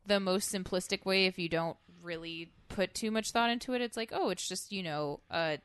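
A woman chatting on a podcast, thoughtful and curious. Her voice is smooth and clear, at a middle pitch, and the sound is dry and close. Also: moderate pace, a bit bright, no room sound. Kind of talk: casual chat.

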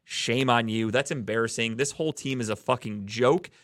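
Male podcast host from the Cleveland area, heated and profane sports rant, mid-pitched voice, dry close recording. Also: moderate pace, fairly bright tone, no echo.

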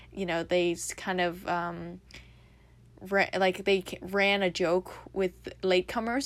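Young woman, low-pitched, dry close mic, rambling podcast talk, lots of fillers. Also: dry recording. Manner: rambling, filler-heavy, self-reflective. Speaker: podcast host. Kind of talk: casual solo podcast monologue.

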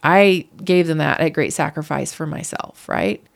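A middle-aged woman, a podcast guest, telling a painful personal story in an earnest, animated way. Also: deep voice, normal speed, creaky. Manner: earnest, animated, acts out quoted voices.

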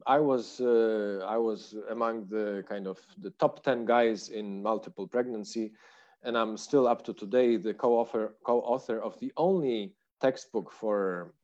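A middle-aged man with a Polish accent tells long, meandering stories as an interview guest, stopping and restarting with many "uh"s and "um"s. His voice is dark and mellow. The recording sounds a little dull. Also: on the low side, a little slow. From Poland. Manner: rambling, many fillers and restarts. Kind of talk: casual interview storytelling.

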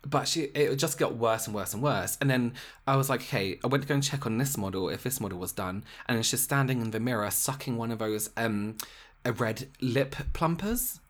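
A man, a makeup artist, retelling a work story in casual chat, animated and exasperated. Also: mid-range voice, fairly quick, slight background noise.

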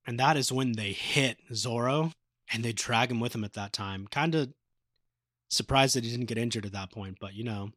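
On the low side and fairly bright in tone, this co-host's voice comes through dry and at studio quality. He retells anime episodes in a casual, profane, joking way, performing the quotes as he goes.

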